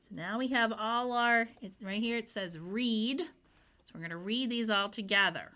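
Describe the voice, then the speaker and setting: A woman teacher giving a phonics lesson to young children, reading words slowly and patiently. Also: on the high side. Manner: slow, patient, reads words aloud in even steps.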